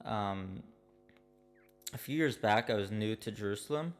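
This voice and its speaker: A man from Canada telling a comic personal story in a casual, slangy, deadpan way. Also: lowish voice, a little slow, soft background music.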